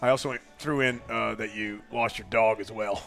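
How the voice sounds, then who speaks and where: Gravelly, bright-voiced joking man. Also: lowish voice, fairly even intonation, moderate pace, soft background music. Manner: joking, teasing, profane. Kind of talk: casual chat.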